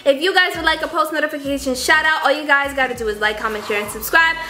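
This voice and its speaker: Very high, bright-voiced playful woman. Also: fast talker. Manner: playful, squealing protests between laughs. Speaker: vlogger co-host. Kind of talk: casual couple vlog banter. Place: living room at home, indoors. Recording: echoey room.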